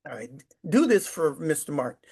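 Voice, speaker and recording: A man's voice: a little high, sing-song, fairly quick, darkish tone, breathy edge. Emotional older man in his sixties. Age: 60s. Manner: rambling, emotional, with stammers and restarts. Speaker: retired sixth grade teacher. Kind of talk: casual storytelling to camera. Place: his apartment.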